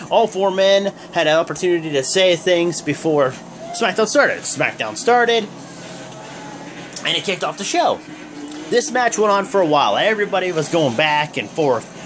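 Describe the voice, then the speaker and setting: A man's voice: high voice, a bit bright. A young man hosting a wrestling review vlog, recapping casually in a rambling, joking way with lots of fillers. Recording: noisy background hum.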